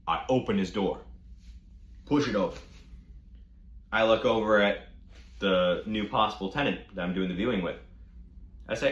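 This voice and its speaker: A young man telling a storytime rant with animated, profane delivery. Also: on the low side, moderate pace, long pauses. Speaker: vlogger. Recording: echoey room.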